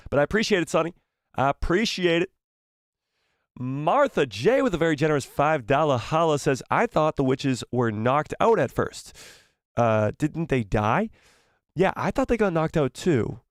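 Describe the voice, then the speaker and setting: A young man hosting a casual live stream, reading viewer messages aloud in an animated, playful way and sometimes stumbling over the words. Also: medium pitch, no echo, clean studio sound.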